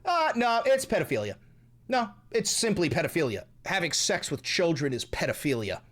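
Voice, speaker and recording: Animated, profane ranting man. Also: a little high, fairly quick. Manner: profane, heated and mocking. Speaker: host. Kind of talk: ranting commentary vlog.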